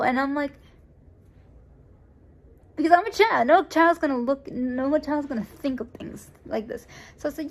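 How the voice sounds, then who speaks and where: A woman's voice: high-pitched, moderate pace. A young woman raised in the United States, telling a personal story in a casual, rambling way, full of restarts and fillers, and acting out the lines of the people in it. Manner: acts out quoted dialogue in a lively voice. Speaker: vlogger.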